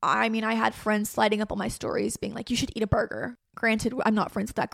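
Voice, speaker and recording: A woman's voice: a little high, fast talker, creaky, no room sound, clean studio sound. A young woman, a podcast host candidly telling a personal story in a chatty way, often saying "like". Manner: chatty, frequent "like", quotes herself and others in lively voices.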